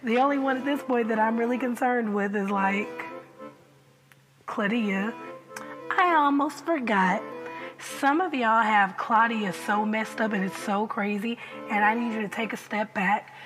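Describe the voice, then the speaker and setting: Casting: young woman vlogger, fairly high voice, unhurried delivery, chatty, animated, laughs a lot, soft music behind. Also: rough recording. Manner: chatty, animated, laughs often, many "like" fillers. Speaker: TV episode reviewer. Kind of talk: casual reaction vlog.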